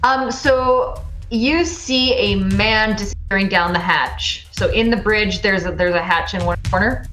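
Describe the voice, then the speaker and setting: Female game master: slow, filler-heavy scene narration over quiet music. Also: mid-range voice, echoey room. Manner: halting narration with frequent fillers.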